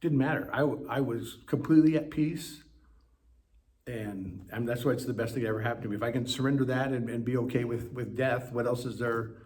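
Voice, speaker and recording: A man as an interview guest, telling his story in an animated way with quick bursts. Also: medium pitch. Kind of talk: personal storytelling.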